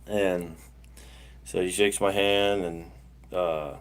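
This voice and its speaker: A man's voice: sits low, steady tone, takes it slowly. Rambling man chatting live. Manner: rambling storyteller, many fillers and restarts. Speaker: livestream host. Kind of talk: casual livestream chat.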